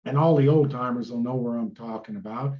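A man's voice: mid-range voice, fairly quick. An older man from Illinois, a retired river captain, telling rambling folksy stories in a casual interview. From Illinois, USA. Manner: rambling, folksy, with fillers and asides. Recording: slightly dull, lo-fi sound.

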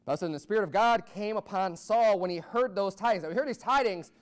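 An American man preaching a sermon as pastor, swinging from loud, rising peaks to low asides. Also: brisk. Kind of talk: fiery Baptist sermon.

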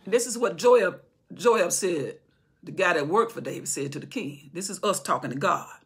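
A woman explaining a Bible chapter, swinging between loud preaching and hushed whispers. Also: medium pitch, lively intonation, a little fast, creaky, slightly rough. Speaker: Bible teacher.

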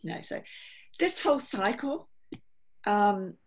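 A woman's voice: medium pitch, expressive, slow, slight background noise. A middle-aged woman, a holistic therapist, explaining earnestly and steadily in an interview, often voicing what her clients think.

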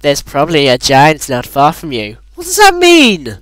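A man chatting excitedly while playing a game, laughing often and swearing when flustered. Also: a little high, normal speed, dry recording, poor audio. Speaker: player. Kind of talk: casual gaming chat.

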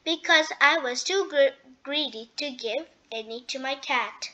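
A woman's voice: high-pitched, measured pace, sharp tone. A woman voicing a fussy woman who makes porridge in a storybook, exclaiming crossly.

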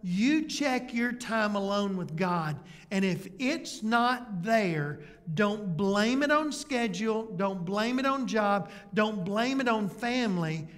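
A man's voice: high-pitched, lively intonation, slow, hardly any pauses, a bit bright. A man preaching a sermon as pastor in a conversational way, full of rhetorical questions. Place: church sanctuary. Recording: church hall reverb.

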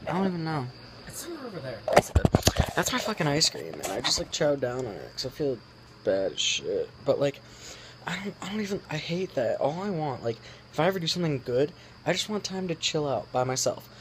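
A man's voice: a little high, very animated, brisk, noisy background. A teenage boy ranting casually to camera, irritated, swearing and rambling with lots of fillers. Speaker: vlogger.

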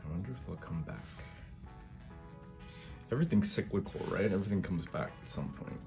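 Low-voiced man musing over his craft. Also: lively intonation, fairly quick, gravelly, over music. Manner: thinks aloud, often adds a questioning "right?". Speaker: collage artist and channel host. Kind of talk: casual craft demonstration.

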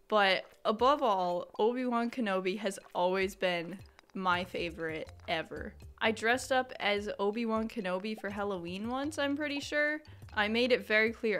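A young woman hosts a gaming channel, talking through her playthrough in a loose, chatty ramble. Her voice is bright and clear, and she keeps bursting into excited exclamations. A faint bed of music sits behind her. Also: medium pitch. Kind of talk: casual gameplay commentary.

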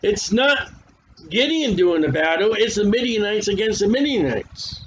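A man with a high voice preaches a sermon, reading scripture in a conversational way and tripping over difficult names. His voice sounds worn, and the recording is dull and lo-fi, with faint noise behind him. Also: animated, moderate pace, fairly bright tone.

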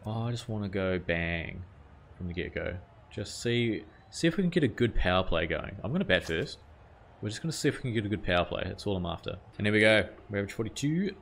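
A man's voice: fairly low pitch, very animated, fast talker, creaky, fairly bright tone, a little hiss or hum. A man hosting his gaming channel, casually talking through his play, reading out scores and swearing or exclaiming at big moments. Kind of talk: casual video game commentary.

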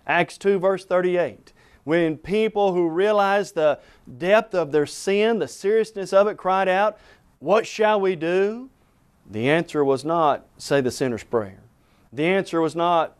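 A man's voice: mid-range voice, darkish tone. A man preaching a televised sermon, emphatic, quoting scripture and asking rhetorical questions.

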